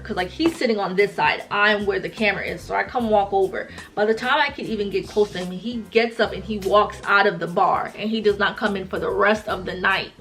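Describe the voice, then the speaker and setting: A woman's voice: medium pitch, a bit bright. A woman vlogger retelling a personal story in a casual, chatty way, full of "like" and fillers.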